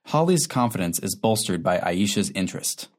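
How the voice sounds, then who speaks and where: A man narrating a drama in a calm, observant way, like reading stage directions. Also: low-pitched, moderate pace.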